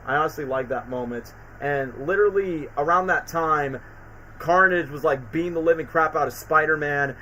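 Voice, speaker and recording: A male live-stream host who talks in a rambling, enthusiastic rush full of likes and asides. His voice is bright and sits a bit high for a man. A faint noise hangs in the background. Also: moderate pace, low-quality recording. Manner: rambling, enthusiastic, filler-heavy. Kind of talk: casual live-stream chat.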